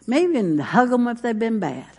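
A woman's voice: fairly high pitch, very animated, normal speed, darkish tone, slightly rough. A middle-aged woman pastor, preaching a folksy sermon full of stories. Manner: folksy, storytelling, with congregation responses.

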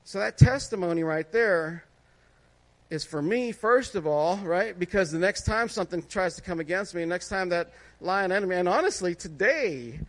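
A man with a notably high speaking voice delivers a testimony sermon. He talks casually and warmly, laughing now and then and asking listeners "right?" to keep them with him. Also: lively intonation, normal speed. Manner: conversational, laughs often, asks listeners "right?". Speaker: preacher sharing a testimony.

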